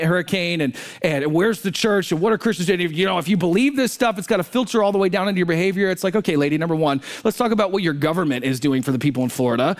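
A male pastor delivering a sermon in a high, tenor-range voice. He keeps his congregation engaged with rhetorical questions and direct address, dropping into low asides and then rising into high, emphatic bursts. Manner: animated preaching, sudden swings between low asides and high emphatic bursts.

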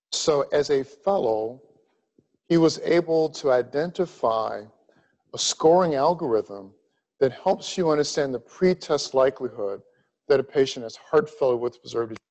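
A middle-aged man from Louisiana giving a grand rounds medical lecture, emphatic and deliberate in his pacing. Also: mid-range voice, darkish tone, highs cut off. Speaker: cardiology lecturer.

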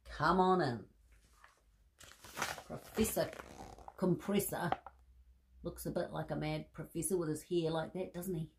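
A woman's voice: low voice, steady tone, normal speed, gravelly, background noise. A woman reading a bedtime story to children in a playful, chatty way, laughing and commenting on the pictures.

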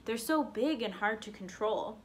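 A woman's voice: fairly high pitch, lively intonation, moderate pace, lightly acted. A woman voicing a naive, cheerful young peasant man in a told folktale. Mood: eager. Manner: eager, easily swayed.

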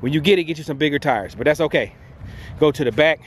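A man in an excited car walkaround vlog, talking outdoors at a dealership lot in a hyped, slangy way with rhyming wordplay and repeated catchphrases. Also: fairly high pitch, quick pace, slight background noise. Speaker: car vlogger.

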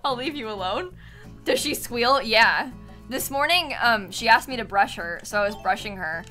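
A young woman streams a game with music playing behind her, her voice on the high side with a sharp tone at a normal speed. She chats casually and giggles with her viewers in a relaxed live-stream style, slipping into a sing-song voice when she talks to her cat.

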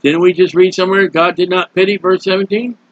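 A man preaches a sermon in a folksy, scolding way, his voice set a bit high for a man. The recording is dull and dry, with a muffled, lo-fi tone. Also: fairly even intonation, fairly quick, dry recording.

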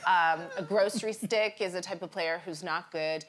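A woman's voice: on the low side, moderate pace, slight background noise. A woman from Canada telling cheeky anecdotes as a chat-show guest, laughing as she talks.

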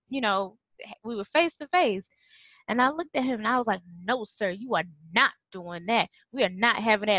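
A woman's voice: a little high, fairly bright tone, no room sound. A woman telling a story casually to camera, acting out quotes and laughing often. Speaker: vlogger and former preschool teacher.

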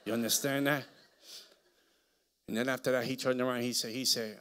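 A man preaching to a church crowd in a medium voice. He tells stories with big dramatic swings, dropping to a near murmur and then rising to a shout. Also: medium pitch, steady tone, fairly quick, smooth. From Hispanic American. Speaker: guest preacher. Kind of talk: preaching with storytelling. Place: church hall.

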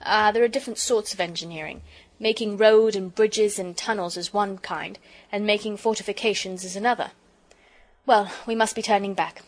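A brisk, jovial country doctor from a children's storybook, teasing and kind, as a woman reads him. The delivery stays in a middling register. It is a plain reading voice rather than a big character turn. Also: mid-range voice, fairly even intonation, close to an everyday voice. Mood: cheerful. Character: cheerful kindly country doctor, a man.

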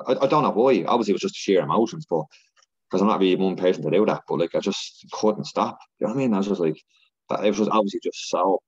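A man telling stories as a podcast guest in casual, rambling, excitable chat with lots of filler and repeats. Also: low-pitched, fast talker, husky. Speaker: podcast guest, Ironman athlete. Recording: dull lo-fi podcast audio.

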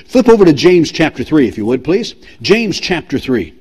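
A man's voice: a little high, sing-song, moderate pace, darkish tone, husky. A man preaching a sermon as pastor, emphatic and repetitive, asking the congregation direct questions. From United States.

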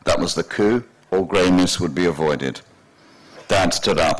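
Deep-voiced man reading his fiction aloud. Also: unhurried, rough recording. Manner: dry, wry storytelling with voiced characters. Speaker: author reading his novel. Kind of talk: literary reading. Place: festival stage before an audience.

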